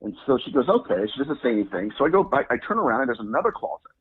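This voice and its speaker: As an interview guest, a religious demonologist races through a personal story in a husky, sing-song, mid-range voice, earnestly recounting events and quoting himself. The recording has a narrow, phone-like quality.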